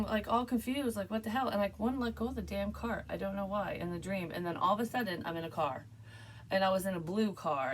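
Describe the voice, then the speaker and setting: Woman, lowish pitch, casual vlog storytelling, rambling, curses, filler-heavy. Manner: rambling, animated, swears freely, frequent "like" fillers. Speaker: psychic medium sharing a dream.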